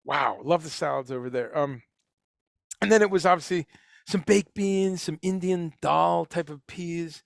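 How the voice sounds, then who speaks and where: A man hosting a casual livestream chat, his voice fairly high with a gravelly edge. He rambles with enthusiasm and often restarts his sentences. The sound is dry and close. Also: unhurried, no echo. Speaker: livestream host.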